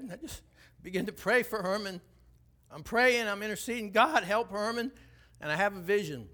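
A man preaching a sermon, telling a personal story with animated shifts between hushed, tense passages and rising emphasis. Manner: animated storytelling, drops low and quiet for tense moments, then rises and preaches. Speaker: pastor.

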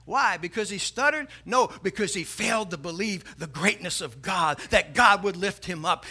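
A man's voice: high-pitched, expressive, moderate pace, hardly any pauses, pushed and bright, slightly rough. A man preaching a sermon emphatically, building his volume and telling jokes.

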